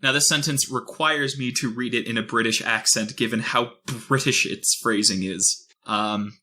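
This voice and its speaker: Bright-voiced man reading listener mail. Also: medium pitch, steady tone, moderate pace. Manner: reads aloud with dry asides and chuckles. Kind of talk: casual podcast chat.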